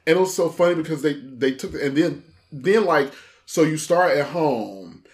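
A man co-hosting a podcast in casual chat, relaxed and reacting to his co-host with short affirmations. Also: a little high, moderate pace.

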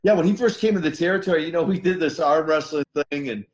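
This guest, a former wrestler in his sixties, speaks in a fairly high voice at a quick pace, telling stories animatedly in a casual interview. He keeps laughing and restarting sentences, and the audio sounds dull.

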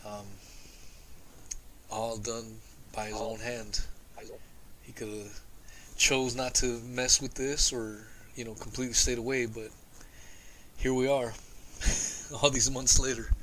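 A man's voice: medium pitch, little pitch movement, slow, long pauses, fairly bright tone, a little hiss or hum, poor audio. A man hosting a casual call-in talk show, blunt and exasperated, who swears often. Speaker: host.

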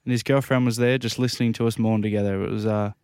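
A man co-hosting sports radio, deadpan and mock-serious. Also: on the low side, fast, smooth, dry recording, clean studio sound. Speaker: radio co-host. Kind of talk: deadpan banter.

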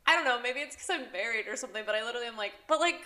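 A woman's voice: a little high, very fast. A woman co-hosting a casual book chat, talking expressively and reacting with exclamations. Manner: expressive, exclaims and laughs along. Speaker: podcast co-host.

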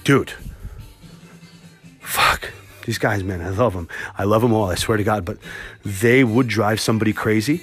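Swearing, animated man telling stories. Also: lowish voice, moderate pace, pauses often, breathy edge, faint music behind. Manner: animated storytelling with lots of swearing; calmer and quieter when giving cooking tips. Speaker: podcast host. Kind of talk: casual monologue.

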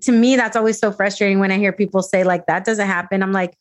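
A woman's voice: mid-range voice, fairly even intonation, fast, dry recording. A woman hosting a casual interview, speaking earnestly and conversationally. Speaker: podcast host.

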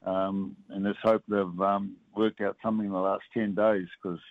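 Over a tinny phone line, an older New Zealand man who once played rugby talks as a guest on a radio phone-in. His fairly low voice is flat, and he speaks haltingly, full of fillers and restarts.

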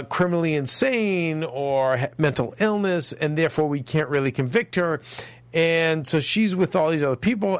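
A man's voice: a little high, no room sound. An older man co-hosting a casual show, easygoing and teasing, often jokingly yielding to his co-host. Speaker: podcast co-host. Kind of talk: casual chat.

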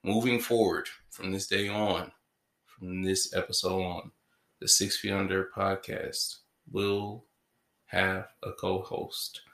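Deep-voiced joking man hosting a podcast. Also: flat delivery, slow, fairly bright tone, roomy sound. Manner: joking, playful, rambling. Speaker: podcast host. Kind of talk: casual podcast chat.

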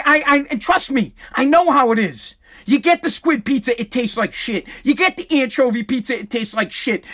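High-voiced woman on a profane rant. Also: fairly bright tone. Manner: heated, profane, stammering restarts. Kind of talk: comedic rant.

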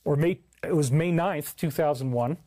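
An earnest man rambles through a livestream monologue, stopping to read comments. His voice sits a bit high. The sound is dry and close. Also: normal speed, dark tone, no room sound. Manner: rambling, earnest, reads chat aloud. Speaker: livestream host.

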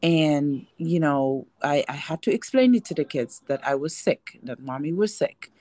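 A woman with a low, mellow voice speaks at a moderate pace with no echo. She's a breast cancer survivor and advocate appearing as a guest on a casual panel, talking candidly and reflectively and frequently restarting her sentences.

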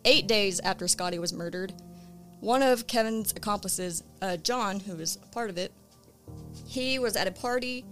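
A woman hosting a podcast, recounting a case in casual, conversational storytelling with plenty of ums and uhs. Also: mid-range voice. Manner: relaxed, conversational, with frequent "um" and "uh". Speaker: true crime podcast host.

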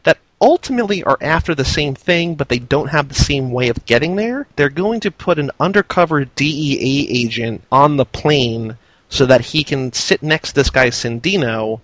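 A man's voice: mid-range voice, fairly bright tone, no echo, low-quality recording. A man co-hosting a casual film podcast, recapping the plot and often checking in with "right?". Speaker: podcast co-host. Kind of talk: casual chat about a movie.

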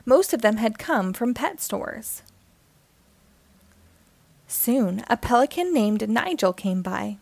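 A woman reading a children's picture book aloud in a gentle storytelling manner. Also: fairly high pitch, expressive, slow, creaky, pauses often, no echo.

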